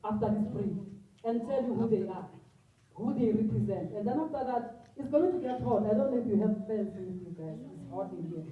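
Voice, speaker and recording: A South African woman speaks as a civic spokesperson at a press briefing, her delivery impassioned and emphatic with repeated phrases. She sounds set back from the microphone in an echoing room. The audio comes through somewhat dull and muffled. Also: mid-range voice. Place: hot indoor briefing room. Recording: roomy, distant, dull sound.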